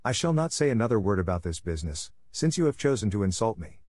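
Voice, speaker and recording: A sullen, hardened young man, as a male reader plays him, speaking in a low, cold and curt voice. The reading is close and dry, with no room sound. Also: sing-song, fast talker, a little mellow, dry recording. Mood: defiant. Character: sullen defiant young man, accused son. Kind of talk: audiobook reading.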